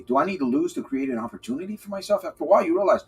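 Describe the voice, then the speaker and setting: A man hosting a live podcast as a recovery coach, talking casually to his chat in an animated, playful way and repeating phrases for emphasis. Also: high-pitched, racing, creaky, hardly any pauses, slight background noise. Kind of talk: live-stream talk, answering chat.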